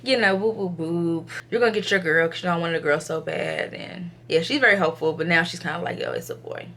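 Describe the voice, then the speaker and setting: A young woman vlogging to camera, retelling an ultrasound visit casually, acting out what others said, sometimes subdued and low in energy. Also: brisk, slight background noise. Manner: animated retelling, acts out others' quotes, filler-heavy.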